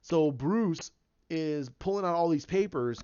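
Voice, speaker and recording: A man's voice: a little high, lively intonation, unhurried, mellow, smooth, dull audio. A man casually retelling his own movie idea, rambling with lots of restarts and fillers. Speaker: fan pitching a movie idea.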